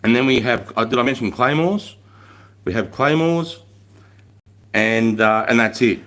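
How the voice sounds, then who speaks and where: A man's voice: mid-range voice, measured pace, a bit bright. An Australian army veteran hosting a casual live stream, talking bluntly with plenty of swearing and stumbling restarts as he answers viewers' questions. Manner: blunt, heavy swearing, repeats and restarts words; reads out and answers viewer chat. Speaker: livestream host, army veteran.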